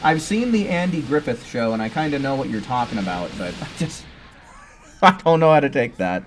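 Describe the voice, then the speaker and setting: A man's voice: medium pitch, very animated, normal speed, a little hiss or hum. A laid-back young man from California with a neutral American accent, chatting casually with his live-stream viewers while playing a game. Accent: General American.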